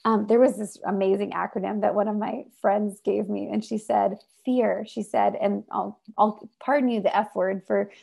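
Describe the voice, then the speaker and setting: A woman giving an inspirational talk over a video call, animated and emphatic. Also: mid-range voice, moderate pace, vocal fry, few pauses, breathy edge. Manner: animated and emphatic, acts out voices. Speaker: presenter.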